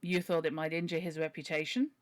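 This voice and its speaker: A woman reading a brisk young baronet. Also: low-pitched, flat delivery, close to an everyday voice. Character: decisive young male baronet. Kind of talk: reading a novel aloud.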